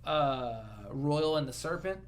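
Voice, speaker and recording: A man's voice: fairly high pitch, slow. A man co-hosting a podcast, telling rambling, profane stories with enthusiasm in casual chat. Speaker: podcast co-host.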